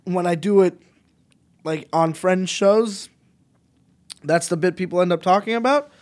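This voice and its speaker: A comedian from Montreal chatting as a podcast guest, telling animated, rambling stories with lots of restarts. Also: male voice, sits high, measured pace. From Montreal, Canada. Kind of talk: casual podcast chat.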